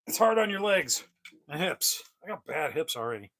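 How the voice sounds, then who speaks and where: Forties male streamer, loose rambling chat with plenty of "uh"s and chuckles, bright, forward voice, dry close sound. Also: a little high, sing-song, moderate pace, no room sound. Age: 40s. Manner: rambling, chuckling, many fillers. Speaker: toy collector streamer. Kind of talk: casual livestream chat.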